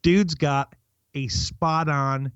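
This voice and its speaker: A man's voice: fairly high pitch, steady tone, very slow, smooth, no echo. A middle-aged man co-hosting a movie podcast, telling long rambling stories in casual chat. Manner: rambling storyteller, chatty and self-interrupting. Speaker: podcast co-host. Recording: dry, slightly dull lo-fi sound.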